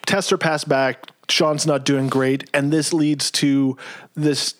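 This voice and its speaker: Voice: mid-range voice, steady tone, takes it slowly, dry recording, clean studio sound. Playful, jokey podcast co-host. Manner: playful, jokey, laughing often. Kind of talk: casual chat recapping a TV episode.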